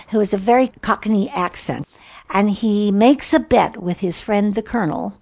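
Gravelly-voiced woman hosting a podcast. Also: medium pitch, a little mellow, no room sound. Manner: reflective, storytelling. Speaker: podcast host. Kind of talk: podcast talk. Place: studio.

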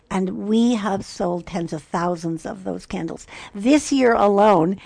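Older lady doing a devotional talk, lowish voice with some gravel in it, earnest, pokes fun at herself a bit. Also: darkish tone. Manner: earnest, musing, with small self-mocking asides. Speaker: Christian women's ministry teacher.

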